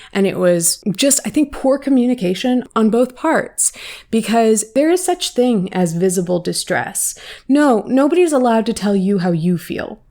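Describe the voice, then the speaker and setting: A woman hosting a commentary vlog, giving her opinions in a measured, reflective way. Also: mid-range voice, a little mellow. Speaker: commentary channel host.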